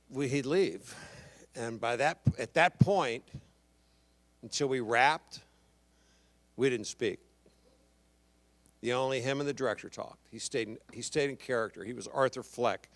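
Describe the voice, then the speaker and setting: Gravelly sixties actor from Texas, loose panel storytelling, mimics others' voices in his anecdotes. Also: medium pitch. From Houston, Texas, USA. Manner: animated, acts out quoted voices, rambling restarts. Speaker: actor guest at a fan convention panel. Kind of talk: anecdotal storytelling to a live audience. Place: convention stage.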